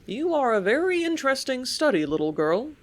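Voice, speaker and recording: A man's voice: very high voice, sing-song, a little fast, pitched above the performer's own voice. A woman reads the part of a pompous, stuffy professor from an old storybook. He talks down to a little girl in a prim, superior way and sounds shocked by her tales. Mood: condescending. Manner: horrified, condescending. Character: pompous, condescending male professor.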